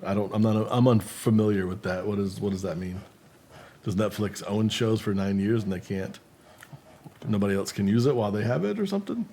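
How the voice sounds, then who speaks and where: A man's voice: on the low side, fairly quick, mellow, slight background noise. A man co-hosting a casual panel chat, reading out viewer comments in a playful, laughing way.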